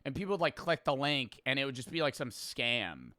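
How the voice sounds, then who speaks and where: A man's voice: mid-range voice, sing-song, fairly quick, bright, forceful tone. A young man streaming, giving casual, profane reaction commentary full of slang and laughing asides.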